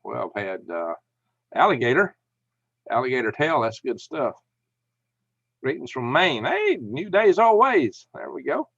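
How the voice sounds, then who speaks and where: A man's voice: mid-range voice, big pitch swings, measured pace, creaky, pauses often, fairly bright tone, no echo, highs cut off. Folksy man telling stories. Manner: folksy, chuckling, rambling anecdotes. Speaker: live stream host. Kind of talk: casual storytelling and reading chat.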